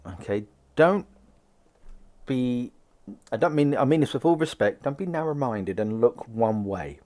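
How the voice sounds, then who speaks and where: A man's voice: medium pitch, animated, unhurried, dark tone. A man doing a live tarot card reading, chatting upbeat with viewers and acting out little conversations. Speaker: psychic card reader.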